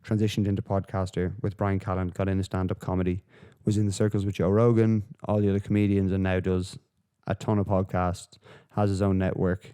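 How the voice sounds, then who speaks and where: A man's voice: deep voice, level tone, fairly quick, hardly any pauses, dark tone, clean tone. A man hosting a solo podcast, rambling and swearing through casual commentary with lots of fillers. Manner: profane, rambling, with frequent fillers. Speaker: podcast host.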